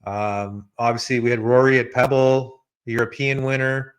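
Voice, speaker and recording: A man of middle pitch hosting a podcast in an easygoing, conversational way. He talks loosely and chattily, turning now and then to his co-host as he goes. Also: normal speed, clean tone. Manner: relaxed and chatty, addresses co-host by name. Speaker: podcast host giving betting picks. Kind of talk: casual podcast chat.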